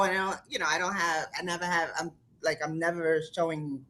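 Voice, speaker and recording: Woman panelist, careful and hesitant, deep voice with a bright edge. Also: flat delivery. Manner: measured, hesitant, many ums. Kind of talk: casual panel discussion.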